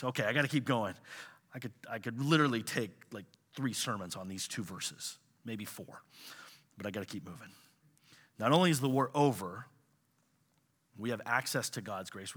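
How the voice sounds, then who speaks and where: A man preaching a sermon, animated, swinging between loud exclamations and quiet asides. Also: mid-range voice. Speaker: pastor.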